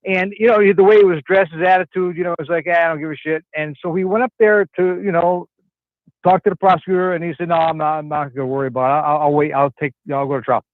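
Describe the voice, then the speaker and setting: Calling a talk show from Connecticut, this man tells a meandering story full of false starts in a relaxed phone-in conversation. He speaks quickly in a slightly high voice with fairly even intonation. The tinny phone audio has no echo.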